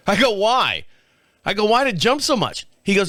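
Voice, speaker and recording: A middle-aged man rambles through a casual, foul-mouthed story, voicing little sound effects along the way. His voice sits high for a man. The sound is close and dry with no room around it. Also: quick pace, no echo. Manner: profane, rambling, animated with laughs and sound effects. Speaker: podcast host.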